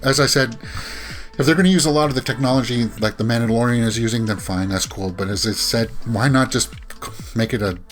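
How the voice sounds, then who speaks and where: A man's voice: mid-range voice, a little fast, faint music behind. A man giving casual commentary as a movie news vlogger, rambling with frequent fillers and restarts and sighing, exasperated asides.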